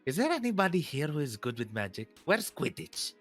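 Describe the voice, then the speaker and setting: A man's voice: a little high, sing-song, fast, soft background music. A man speaking as a player in a tabletop game, tentative and speculative. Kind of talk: casual tabletop game play.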